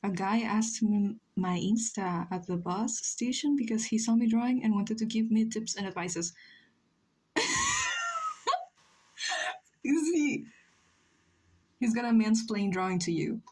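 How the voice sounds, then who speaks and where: A young Chilean woman whose first language is Spanish jokes and chats casually with her viewers while drawing on a livestream. Her mid-range voice is warm with a breathy edge, at a normal speed.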